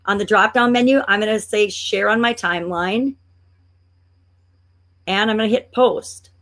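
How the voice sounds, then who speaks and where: A woman coaching online business, chatting and thinking aloud as she clicks through a screen-share tutorial, playfully exasperated at a slow computer. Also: mid-range voice, a bit bright.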